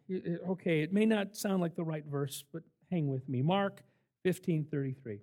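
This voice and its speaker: An older man, a camp director, giving a sermon full of stories, emphatic and animated as he acts out what people said. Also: a little high, moderate pace. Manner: animated, emphatic storyteller who acts out quotes. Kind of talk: sermon with storytelling.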